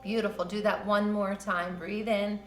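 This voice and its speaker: A woman teaching a yoga class, guiding breathing and stretches in a gentle, encouraging, loosely conversational way. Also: medium pitch, level tone, normal speed. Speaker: yoga instructor. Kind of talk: guided yoga class instruction. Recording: roomy with soft music behind.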